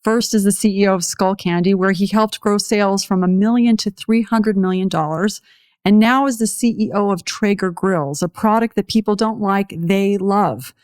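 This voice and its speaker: A woman's voice: mid-range voice, darkish tone, smooth, dry recording, studio quality. A woman hosting a podcast, reading a polished introduction and asking interview questions. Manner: polished, measured delivery. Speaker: podcast host.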